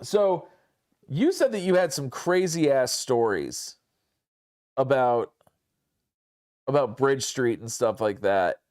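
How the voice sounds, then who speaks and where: A man's voice: mid-range voice, very animated, slow pace, pauses often, darkish tone. A man hosting a casual interview, eager to hear stories and joking crudely. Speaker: host.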